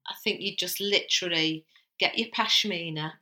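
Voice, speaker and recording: A woman's voice: on the low side, normal speed, bright, forceful tone. A woman co-hosting a podcast, teasing her co-host in playful casual chat.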